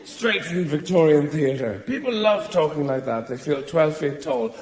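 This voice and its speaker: A middle-aged stand-up comedian with a high, expressive voice performs his routine on a large theatre stage before a live audience, rambling and mock-indignant. He speaks at normal speed with hardly any pauses, amid background noise, echoey hall acoustics and audience laughter.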